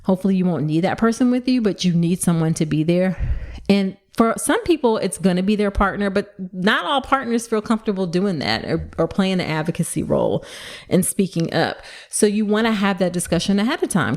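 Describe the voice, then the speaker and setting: A woman obstetrician hosting a solo podcast, talking fast and excitedly as she gives advice to listeners. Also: on the low side. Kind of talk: solo educational podcast talk.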